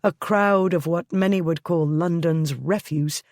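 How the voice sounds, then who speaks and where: A woman narrating a historical romance audiobook in a steady, measured reading. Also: lowish voice, no room sound, studio quality. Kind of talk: scripted narration.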